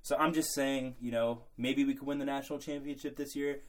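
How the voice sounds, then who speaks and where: A man's voice: medium pitch, steady tone, fairly quick. A young man co-hosting a casual sports podcast, chatty and laughing often. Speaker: podcast co-host.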